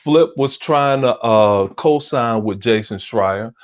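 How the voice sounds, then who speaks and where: A man's voice: medium pitch, slow. A man co-hosting a podcast, telling stories in a loose, profane way with lots of fillers. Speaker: podcast co-host. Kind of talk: casual chat. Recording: dull lo-fi recording.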